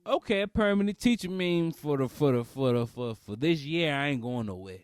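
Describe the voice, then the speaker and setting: A man, talking as a podcast host in a comedic, casual monologue, repeating phrases and breaking into loud outbursts. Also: on the high side, animated, moderate pace, smooth, no echo, faint music behind.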